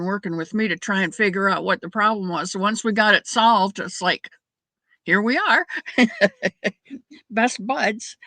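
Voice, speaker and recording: A woman's voice: medium pitch, a bit bright, dry recording. A middle-aged woman hosting a crafting livestream, chatting casually and rambling as she greets viewers by name. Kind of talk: casual chat with live viewers.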